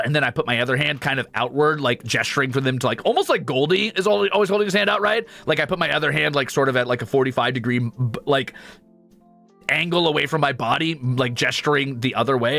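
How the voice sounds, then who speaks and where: A man's voice: medium pitch, creaky. A man streamer with a faint Midwestern American accent, chatting casually and rambling with viewers. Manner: rambling, animated, quick asides and laughs.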